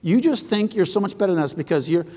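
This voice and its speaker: A man preaching a sermon, animated and storytelling, acting out the voices of others and rising to shouts at high points. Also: fast, big-room sound. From foreign-born, living in southern China. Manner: animated, acts out quoted voices, shouts at peaks; rambling, with frequent restarts in anecdotes.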